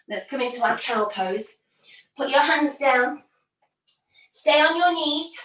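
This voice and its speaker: A woman leading a storytelling yoga class for young children, playful and encouraging, giving gentle instructions. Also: high voice, distant mic. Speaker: kids yoga teacher. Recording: roomy echo, from off the mic.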